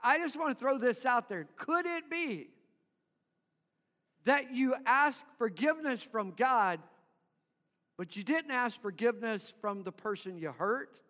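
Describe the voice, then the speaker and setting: A man's voice: extremely high pitch, moderate pace, pushed and bright, in a large hall. A man preaching a sermon to his congregation in church, calling for responses and having them repeat after him. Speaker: pastor.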